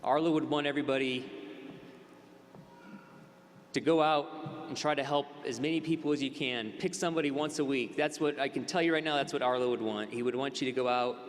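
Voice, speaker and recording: A man's voice: mid-range voice, fairly even intonation, a little fast. A man giving an earnest funeral eulogy, telling a personal story about a fallen friend. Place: large funeral hall. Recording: long hall reverb, faint noise.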